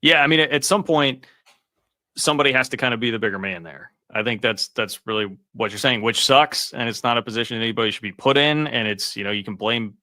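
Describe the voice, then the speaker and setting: Bright, dry-sounding male sports host. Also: mid-range voice, fast talker, dry recording. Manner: relaxed, conversational, many fillers. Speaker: podcast host. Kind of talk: casual sports talk.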